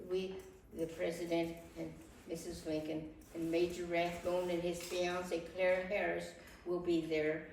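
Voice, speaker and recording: A woman in her nineties playing a fretful Civil War-era first lady in a first-person monologue, halting and often restarting her words. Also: fairly low pitch, darkish tone. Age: 90s. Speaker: historical portrayer. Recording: echoey room from far off, faint noise.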